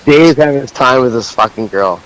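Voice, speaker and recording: A young man in casual chat, telling crude stories with an excitable, laughing delivery. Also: medium pitch, a little fast, poor audio.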